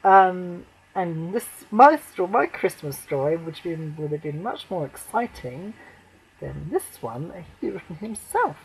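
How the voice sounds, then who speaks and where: A man ranting to camera as a fan, swearing a lot, rambling with many fillers, and breaking into shouted outbursts. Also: sits high, sing-song, a little slow, gravelly, slight background noise, poor audio. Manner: shouts and near-cries in outbursts. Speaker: vlogger.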